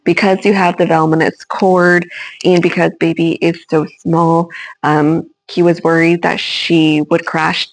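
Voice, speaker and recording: A woman's voice: fairly low pitch, level tone, unhurried, no echo, rough recording. A young woman telling her birth story in a casual, chatty way, with many ums and likes.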